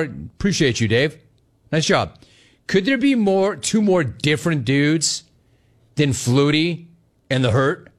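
A middle-aged man hosting a call-in sports radio show, talking in a brash, joking, animated way. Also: medium pitch.

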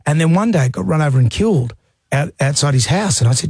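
A man's voice: on the high side, expressive, quick pace, a little mellow, slightly rough, no room sound, clean studio sound. A male radio co-host who talks in an easygoing, supportive way and mixes in light jokes. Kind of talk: casual radio chat.

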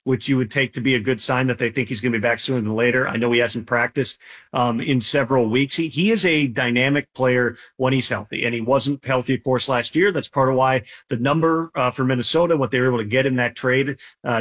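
Measured football reporter, man. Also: medium pitch, fairly bright tone. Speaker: NFL reporter guest. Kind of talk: remote interview analysis.

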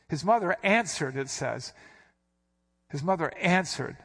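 A man delivering an expository sermon in a somewhat high voice. He walks through the passage point by point, and he hits the quoted lines with sudden emphasis. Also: lively intonation, unhurried, breathy edge. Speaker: pastor.

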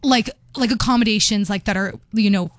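A young woman chatting casually about a trip, giggly and animated, acting out quotes. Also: mid-range voice, brisk, dry recording. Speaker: travel vlogger. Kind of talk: casual chat.

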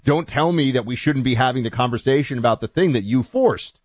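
A man's voice: mid-range voice, fairly quick, darkish tone, no room sound, studio quality. A man co-hosting a talk radio show, chatting in a wry, sarcastic way. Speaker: radio co-host. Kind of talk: casual talk radio banter. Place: radio studio.

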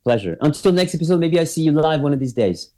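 A man's voice: fairly high pitch, lively intonation, fast talker, mellow. A middle-aged man talking as a guest over a video call, upbeat and chatty with plenty of "like". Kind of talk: casual interview.

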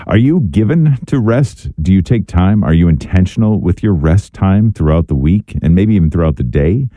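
A radio host with an extremely deep, dark voice speaks in long, measured questions, pausing on fillers as he works toward his point. His voice is recorded in a dry studio with no room sound. He is a man taking a call-in show toward its next topic. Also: animated, no echo.

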